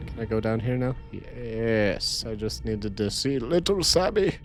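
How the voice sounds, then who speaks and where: A man's voice: medium pitch, unhurried, soft background music. A man giving casual, playful commentary as he plays a horror game, joking and talking to himself. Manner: playful, jokey, talks to himself. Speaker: let's play host.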